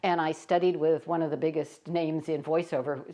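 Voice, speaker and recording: A woman's voice: deep voice, flat delivery, moderate pace, mellow. An older woman, a stage performer, telling stories in a casual interview and laughing often as she talks.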